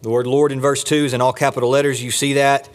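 A man preaching a sermon from the pulpit of a church, rising on key points and dropping low and slow for stress. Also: little pitch movement. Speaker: pastor. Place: church sanctuary.

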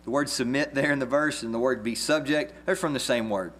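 A man preaching a sermon as pastor, earnest and measured, with a few restarts. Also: mid-range voice, a bit bright.

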